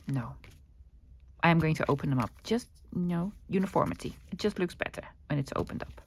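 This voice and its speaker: A woman's voice: low-pitched, lively intonation, brisk, slight background noise. A woman with a Dutch accent chatting casually while crafting at her desk, thinking aloud and answering her own questions. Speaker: crafting vlogger.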